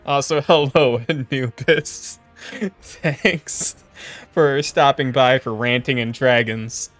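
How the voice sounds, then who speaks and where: A woman's voice: rumbling low, steady tone, slow. Exasperated woman streamer ranting over game music. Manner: profane, exasperated, laughing ranting. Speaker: streamer playing a video game.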